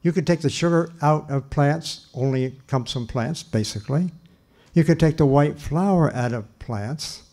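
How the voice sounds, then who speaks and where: A man's voice: a little high, unhurried, darkish tone. An older man giving a lecture on nutrition in an earnest, emphatic way, often restarting his sentences. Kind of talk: lecture talk.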